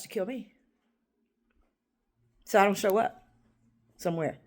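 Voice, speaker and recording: A woman vlogging a rambling, confrontational monologue, swinging between loud outbursts and hushed whispers. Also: medium pitch, unhurried, long pauses. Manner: confrontational, addresses unseen listeners.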